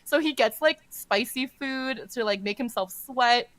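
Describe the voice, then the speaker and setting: A young woman co-hosts a podcast and retells a story with lots of "like" and some swearing. Her voice sits fairly high, and the sound is dry and close to the mic. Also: unhurried, no echo. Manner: animated retelling, full of "like" and swearing. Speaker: podcast co-host. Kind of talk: casual podcast chat.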